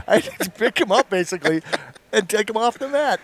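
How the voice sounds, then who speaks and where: A man's voice: high-pitched, lively intonation, fairly quick. A middle-aged man, a former coach, commentating a wrestling meet with rambling, chuckling anecdotes. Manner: rambling storyteller, chuckles often. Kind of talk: folksy play-by-play with anecdotes.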